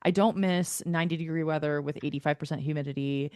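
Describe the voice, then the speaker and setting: A woman co-hosting a podcast, telling a story in a lively, casual way, full of "like" and the odd swear. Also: deep voice, fast talker, no echo, studio quality. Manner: animated storytelling, filler-heavy, swears. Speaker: podcast co-host. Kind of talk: casual chat.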